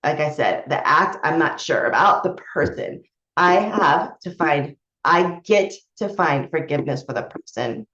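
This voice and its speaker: A woman who coaches others on spiritual matters, telling a personal story in a candid, rambling way, with restarts and casual swearing. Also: fairly low pitch. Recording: echoey room, dull lo-fi sound.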